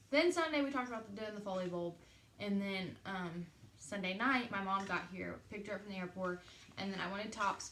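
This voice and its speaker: A young woman vlogger telling a personal story casually, chatty and animated, acting out quoted conversations with lots of "like". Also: medium pitch, echoey room, a little hiss or hum.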